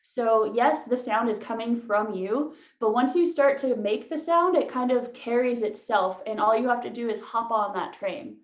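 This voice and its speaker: Woman, voice coach, casual and giggly, higher voice; echoey room, muffled online audio. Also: moderate pace, hardly any pauses. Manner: chatty, laughs easily, many "like" fillers. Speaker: voice workshop leader.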